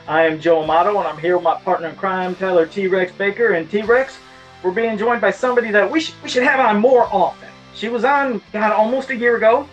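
A man's voice: high-pitched, fairly even intonation, a little fast, muffled recording, faint music behind. A man hosting a podcast, opening the show and introducing a guest in a friendly, joking way. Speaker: podcast host.

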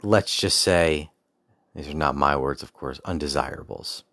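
A young adult man with an extremely low, deep voice tells a personal story as a podcast host. He rambles casually, restarting sentences and adding asides, and turns to reflections on his faith. The sound is dry, with no room echo. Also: measured pace, fairly bright tone.

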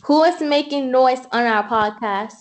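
A young American woman with a high voice chats on a casual podcast, joking around and teasing her friends. She sounds playful and silly, steering the show between bits. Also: unhurried, noisy background. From United States. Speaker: podcast co-host.

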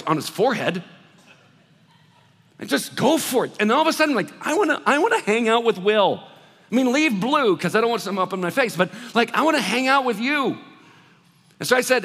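Animated preaching man, reverberant hall. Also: high-pitched, breathy edge. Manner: animated storytelling with acted-out dialogue. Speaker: pastor. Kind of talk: sermon.

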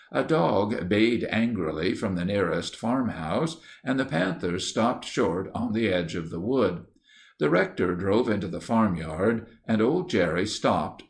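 A man with a low, gravelly voice reads an old adventure story aloud. His delivery is steady and measured, and it rises noticeably whenever a character speaks. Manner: steady measured reading, lifting for dialogue. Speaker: narrator. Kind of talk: storybook narration.

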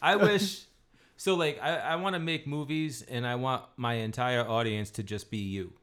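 Excited stammering male co-host. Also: mid-range voice, moderate pace. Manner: excited, stumbles and restarts. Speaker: podcast co-host. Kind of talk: casual chat.

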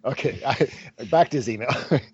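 A man's voice: medium pitch, a little fast, dull audio, very noisy. A man hosting a podcast, chatting casually and rambling with plenty of fillers. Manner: relaxed, rambling with many fillers. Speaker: podcast host.

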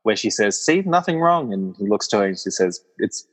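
A man's voice: low voice, level tone, brisk, breathy edge, in a large hall. A man co-hosting a casual film discussion, talking thoughtfully with many fillers. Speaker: film podcast co-host.

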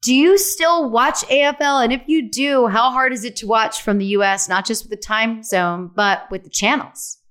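An American woman hosting a podcast, asking questions in a lively conversational way. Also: a little high, normal speed, hardly any pauses, clean tone. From United States. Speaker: podcast host. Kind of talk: casual interview chat.

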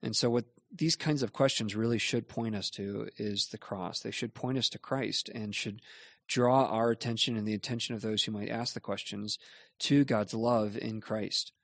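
A pastor with a fairly low voice works through a Bible question in a measured, earnest way. The sound is close and dry, with no room around it. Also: male voice, fairly even intonation, gravelly, no echo. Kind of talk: Bible teaching in a question-and-answer show.

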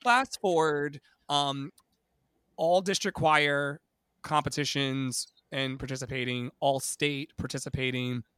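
A man in his thirties from Virginia, a singer and podcast guest, telling his life story in a dramatic, animated way and swearing freely. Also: mid-range voice, slow, clean tone, no room sound. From Virginia, USA. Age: 30s. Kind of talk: storytelling interview.

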